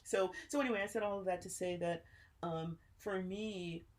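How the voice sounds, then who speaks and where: A woman in her sixties from New Jersey, co-hosting a podcast and telling childhood stories with lots of laughter. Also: fairly low pitch. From Newark, New Jersey. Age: 60s. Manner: animated storyteller, quick to laugh. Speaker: podcast co-host. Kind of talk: casual chat.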